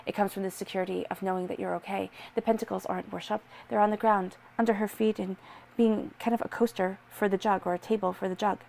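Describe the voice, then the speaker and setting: A woman's voice: mid-range voice, level tone, fast talker, vocal fry, a little mellow, slight background noise. A woman giving a tarot reading, talking straight to the listener in an earnest, reassuring way. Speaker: tarot reader.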